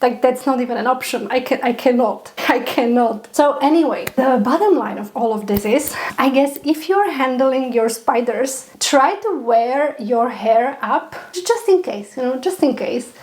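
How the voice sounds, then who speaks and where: A young woman telling a pet spider story in a chatty, animated vlog, with frequent laughs and fillers. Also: high-pitched, measured pace, hardly any pauses. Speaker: pet spider keeper vlogger.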